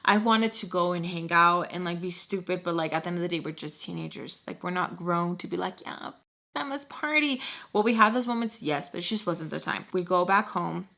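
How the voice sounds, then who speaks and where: A woman's voice: lowish voice, fairly even intonation, a little fast, gravelly, hardly any pauses, bright, forceful tone. Chatty young woman telling a story. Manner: chatty, filler-heavy, acts out quoted dialogue. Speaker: storytime vlogger. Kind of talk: casual storytelling.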